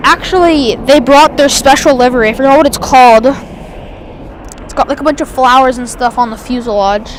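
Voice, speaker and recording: High-voiced woman chatting plane-spotting live. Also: normal speed, a little hiss or hum. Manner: chatty, enthusiastic, rambling with restarts. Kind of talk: live aviation commentary. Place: outdoors at an airport.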